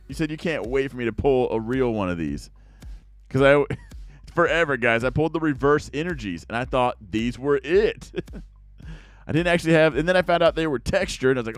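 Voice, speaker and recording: A young man chatting casually to viewers as he opens card packs, rambling along and now and then breaking into excited outbursts. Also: medium pitch, moderate pace, faint music behind. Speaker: card-opening YouTuber. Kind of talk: casual pack-opening chat to viewers.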